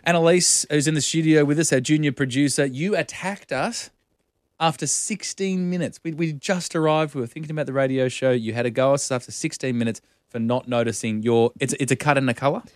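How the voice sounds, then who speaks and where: A man's voice: on the high side, fairly quick, no room sound, studio quality. A man co-hosting a radio show, joking with his colleagues and taking callers in a playful, incredulous way. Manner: playful, incredulous, takes calls. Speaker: radio co-host. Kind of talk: casual banter on drive-time radio. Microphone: studio microphone.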